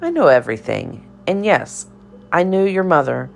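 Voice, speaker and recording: A woman's voice: sits low, very animated, normal speed, gravelly, soft background music, heavily acted. A woman voicing an eccentric older cafeteria lady who speaks in riddles and scolds in a theatrical sing-song. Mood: haughty, cryptic.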